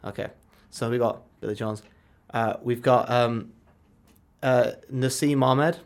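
A man's voice: mid-range voice, unhurried, creaky. A young man co-hosting a student radio show, chatting casually and making up characters as he goes. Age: young adult. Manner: animated storytelling, making up characters. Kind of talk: casual banter. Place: radio studio.

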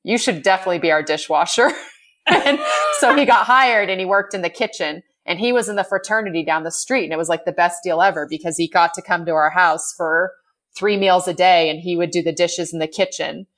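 A woman's voice: fairly low pitch, steady tone, fairly quick, fairly bright tone. An American woman in her forties telling a story in a casual chat, laughing often and peppering her talk with "like". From United States. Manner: chatty, laughs often, fills with "like". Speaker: guest.

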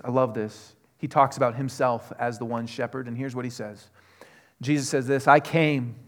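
A man preaching a sermon, earnest, moving from quiet questions to loud, emphatic passages. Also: medium pitch. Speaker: pastor.

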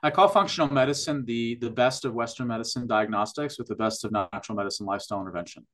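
A man's voice: mid-range voice, fast, a bit bright. Enthusiastic man explaining health testing. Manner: enthusiastic, explanatory, with frequent restarts and "like". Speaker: functional medicine practitioner, podcast guest. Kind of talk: casual podcast interview.

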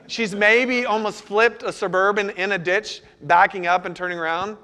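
A middle-aged pastor with a high-pitched voice preaches to his congregation, sharing a family story in a conversational way and posing questions to the listeners. His tone is bright and forceful, at normal speed with fairly even intonation.

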